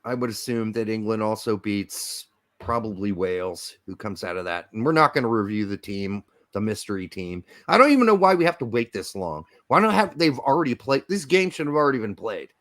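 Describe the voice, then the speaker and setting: A man's voice: lowish voice, very animated, fairly quick, fairly bright tone. A young adult man co-hosting a sports podcast, talking casually in a jokey, rambling way. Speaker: podcast co-host.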